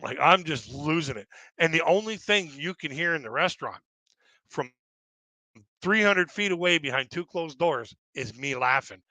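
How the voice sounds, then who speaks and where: A man's voice: on the high side, animated, moderate pace, bright, forceful tone, no echo, rough recording. A man doing stand-up, telling rambling anecdotes, often restarting his sentences and laughing at his own stories. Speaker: stand-up comedian.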